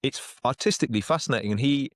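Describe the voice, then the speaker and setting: A man's voice: medium pitch, racing, dry recording, studio quality. A man hosting a podcast, talking casually with many restarts and asides. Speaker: podcast host. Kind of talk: casual discussion.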